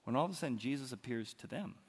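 A man preaching a sermon as pastor, telling the story dramatically with big swings in loudness. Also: mid-range voice, expressive, racing, breathy edge, big-room sound. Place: church hall.

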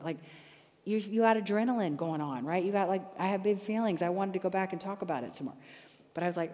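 A woman's voice: medium pitch, quick pace, dark tone. A middle-aged woman giving a conversational Christian talk, telling personal stories and acting out her own arguments. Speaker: Christian speaker. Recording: long hall reverb.

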